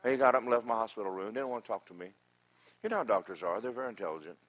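A male pastor preaches a sermon in a lowish voice at a racing pace, animatedly telling stories laced with humorous asides. He swings between loud exhortation and quieter remarks.

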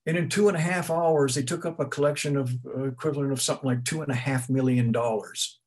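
Man, middle-aged, casual history lecture, rambling, chatty asides, mid-pitched voice. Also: steady tone, fast talker, a little mellow, slightly rough. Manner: rambling, conversational, many restarts and asides. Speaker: museum speaker giving a talk. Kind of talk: informal history lecture to an audience.

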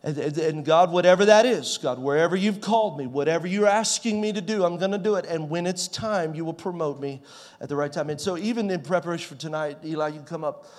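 High-voiced man in his forties preaching. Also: fast. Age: 40s. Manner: conversational preaching, swings from loud to soft. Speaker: pastor. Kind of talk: sermon.

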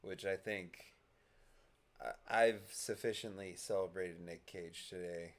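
A man's voice: deep voice, steady tone, slow. A man chatting casually about a movie, mostly agreeing in short laid-back remarks. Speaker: podcast co-host. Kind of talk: casual movie review chat.

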